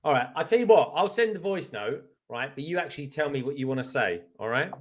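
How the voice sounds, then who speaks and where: A man, a guest on a casual livestream, telling loose rambling anecdotes in a relaxed way. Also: fairly high pitch, quick pace.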